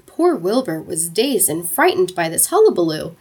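A woman narrating a children's storybook aloud in an expressive, playful way. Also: on the low side, moderate pace, slightly rough.

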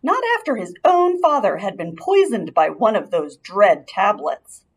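A woman reads a children's chapter book aloud at an unhurried pace, her gravelly, slightly husky voice lilting and swinging in pitch. As a lively, expressive audiobook storyteller, she shapes every sentence for young listeners.

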